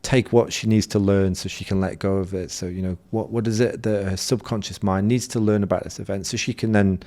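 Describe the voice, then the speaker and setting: A middle-aged man, a hypnosis coach and podcast guest, telling an animated anecdote in conversational style and acting out the quotes. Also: on the low side, brisk. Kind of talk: conversational storytelling.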